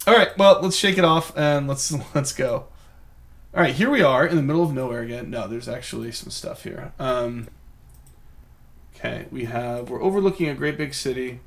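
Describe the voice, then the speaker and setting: A man's voice: medium pitch, normal speed, gravelly, a bit bright. A man giving live commentary on a geography guessing game, thinking aloud in a rambling, self-mocking way. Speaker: game streamer.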